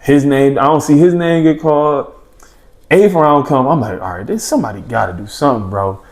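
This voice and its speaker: A young man chatting casually as a podcast guest, telling stories in an animated, slangy way and acting out his own past thoughts and his friends' reactions. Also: on the high side, a little fast. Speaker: podcast guest, former junior college basketball player. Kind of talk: casual storytelling in a podcast chat.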